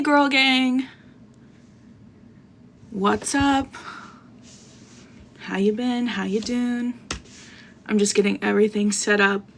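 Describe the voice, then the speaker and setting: A woman's voice: fairly high pitch, a bit bright. A young woman hosting a casual livestream, chatty, bubbly and self-deprecating, talking into a phone with an earbud mic. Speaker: podcast host reading live.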